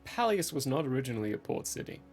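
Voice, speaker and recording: A man voicing a friendly, chatty female druid leader who stammers and rambles in an animated way. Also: medium pitch, fast talker, soft background music. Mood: explaining.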